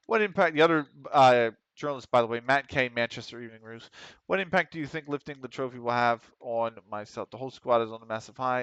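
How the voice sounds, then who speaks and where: A man giving casual commentary on a football management game, reading questions aloud quickly and answering offhand with casual swearing. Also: medium pitch, fairly bright tone, smooth, no room sound. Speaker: gaming streamer. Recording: dry, slightly dull home mic.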